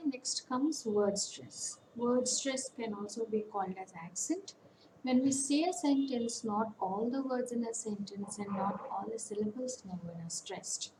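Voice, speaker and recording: A woman counsellor with an Indian English accent, giving a lecture on English phonetics and pausing often with fillers. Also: fairly high pitch. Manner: slow, deliberate, with many hesitations and fillers. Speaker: academic counsellor. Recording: faint background noise.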